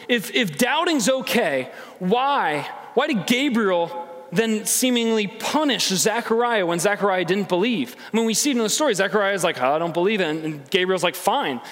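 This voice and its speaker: A man preaching a sermon to a congregation, conversational and animated, acting out inner voices. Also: high-pitched, in a large hall. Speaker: pastor.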